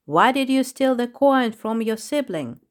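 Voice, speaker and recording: A woman's voice: on the high side, animated, unhurried, pitched above the performer's own voice. A woman voicing an irritated male peacock who questions a villain in a storybook, in a raised, insistent tone. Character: fussy, bossy male peacock detective. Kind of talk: storybook reading.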